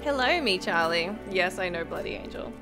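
A woman's voice: on the low side, lively intonation. Young woman game streamer, bubbly and gushing, chatting live with game music playing underneath. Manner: bubbly and effusive, quick to laugh and gush thanks. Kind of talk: live stream chat while gaming.

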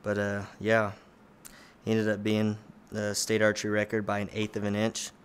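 Low-voiced young man. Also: monotone, normal speed, smooth. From Oklahoma. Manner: rambling, many "you know" and "like". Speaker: hunter guest. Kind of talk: casual storytelling.

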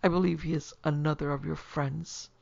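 A woman's voice: deep voice, steady tone, normal speed, gravelly, a little mellow. A woman voicing a cold, strong-willed young lady who speaks in a hard, scornful way. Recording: dull lo-fi recording.

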